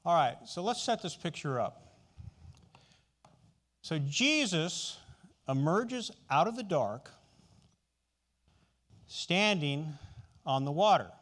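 Male preacher, fairly high voice with a lot of movement; conversational sermon delivery, checks in with listeners. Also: very animated, slow pace, pauses often, a bit bright. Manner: conversational, asks the listeners questions.

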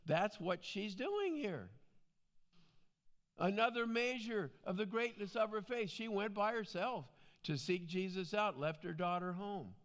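A man's voice: high-pitched, lively intonation, takes it slowly, long pauses, a bit bright. A man teaching from the Bible in a conversational preaching style, with frequent asides.

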